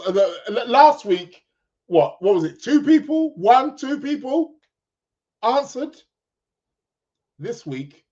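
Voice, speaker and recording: A man's voice: sits high, darkish tone, dull audio. A man hosting a casual live-stream chat, rambling with fillers, laughs and self-corrections. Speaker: podcast host.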